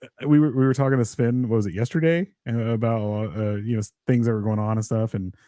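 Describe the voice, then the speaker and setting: A man's voice: medium pitch, fairly even intonation, quick pace, dark tone, no echo, studio quality. A man co-hosting a casual podcast, joking, laughing a lot and reading out the live chat. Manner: laughs often, joking, rambling. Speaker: podcast co-host. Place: home studio with padded mic.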